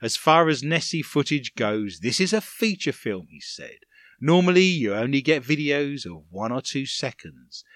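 A man hosts a comic radio show, reading odd news stories and joking with his co-host in a news-story quiz chat, putting on silly voices and scoring points. His mid-range voice is sing-song, a bit bright and at normal speed, in a dry, studio-quality recording.

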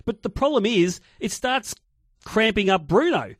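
A man's voice: high voice, animated, unhurried, dry recording, studio quality. A man, a football pundit on a sports radio talk show, opinionated and prone to repeating his point over the others.

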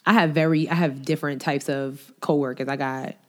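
A woman with a low, deep-set voice co-hosts a casual podcast chat. She is from Long Island and talks in an animated, lively way, slipping into little impressions as she makes her points. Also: fairly quick. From Long Island, New York. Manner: animated and talkative, acts out little voices, keeps asking "you know what I'm saying?".

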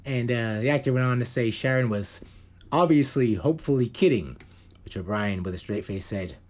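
A man's voice: medium pitch, moderate pace. A man hosting a metal news podcast, talking in rambling, profane casual chat. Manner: rambling, profane, animated banter.

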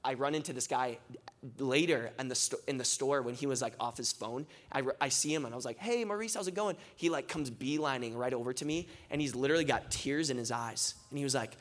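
Young man, casual sermon testimony, constant "like"s, mid pitch. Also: steady tone, fast talker. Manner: casual, filler-heavy storytelling with many "like"s; rising, impassioned closing prayer. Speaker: speaker at a church gathering.

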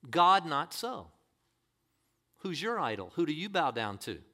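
A man's voice: fairly high pitch, big pitch swings, unhurried, bright, forceful tone. A man preaching a sermon as pastor, reading scripture and pressing the congregation with emphatic rhetorical questions.

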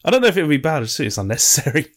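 A man's voice: a little high, big pitch swings, very fast. A man in casual film chat, dry and sardonic, swearing casually.

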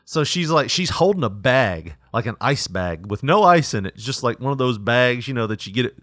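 A man's voice: mid-range voice, big pitch swings, fairly quick, fairly bright tone, dry recording, clean studio sound. Profane man telling a story. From Tennessee. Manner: profane, laughs often, acts out quotes. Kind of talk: casual chat, storytelling.

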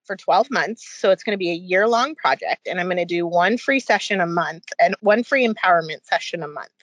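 A woman's voice: on the low side, a bit bright, dry recording. A woman guest in a casual podcast conversation, talking enthusiastically with lots of fillers. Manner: enthusiastic, talks fast with many fillers.

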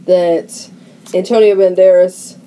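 A woman's voice: fairly low pitch, steady tone, slow pace, dark tone, slight background noise. A woman co-hosting a casual podcast, offering tentative, musing observations. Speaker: podcast co-host. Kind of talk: casual chat.

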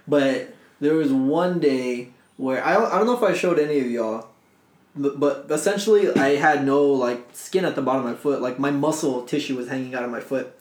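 A man's voice: medium pitch, moderate pace. Young guy telling a story, echoey room. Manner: animated, swearing, laughs through his story. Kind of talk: casual storytelling among friends.

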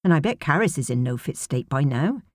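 A woman's voice: low-pitched, lively intonation, a little fast, no echo, clean studio sound. A woman doing a fretful, disapproving mother. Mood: worried. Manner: fretful and reproving. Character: worried, disapproving middle-aged mother. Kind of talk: audiobook character reading.

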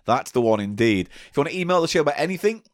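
A man's voice: on the high side, sing-song, racing, dry recording, studio quality. A man hosting a casual comedy podcast, teasing his co-host quiz-style. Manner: teasing, quizmaster-like.

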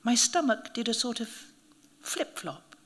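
A woman reading a first-person story aloud, in measured, vivid audiobook narration. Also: a little high, very animated, fairly bright tone.

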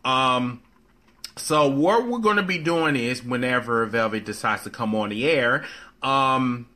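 A man's voice: medium pitch, a little slow, pushed and bright. A man hosting a live show, chatting loosely with viewers, greeting them by name and swearing casually. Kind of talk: casual live-stream chat.

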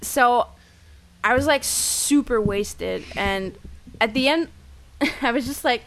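A young woman in her twenties, a podcast co-host, telling a story in casual chat with friends, lively and swearing freely. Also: fairly high pitch, slow pace, slight background noise.

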